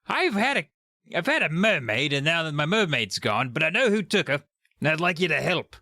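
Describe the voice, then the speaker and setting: A man's voice: fairly high pitch, sing-song, a little fast, pushed and bright, no echo, studio quality, pitched above the performer's own voice, heavily acted. A man doing a hammy flustered uncle. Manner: hammy, wandering put-on accent.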